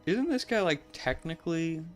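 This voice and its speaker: A man's voice: on the high side, expressive, moderate pace, soft background music. A man hosting a let's play, giving casual gameplay commentary in a chatty, musing way, often saying "like" and laughing.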